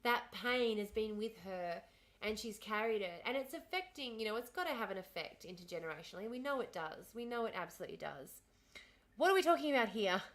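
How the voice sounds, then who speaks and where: Bright, chatty Australian woman livestreaming. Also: medium pitch, expressive, brisk. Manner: chatty and rambling, laughs often, answers chat. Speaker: livestream host. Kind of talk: casual livestream chat with viewers.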